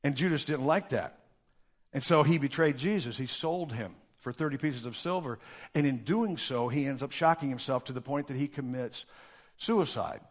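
A man preaching a sermon, telling Bible stories in a folksy, animated way with acted-out quotes. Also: medium pitch, moderate pace. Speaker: pastor.

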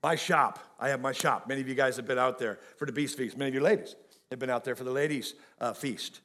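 A middle-aged man preaching a folksy, animated sermon and speaking straight to his congregation. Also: mid-range voice, quick pace. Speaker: pastor.

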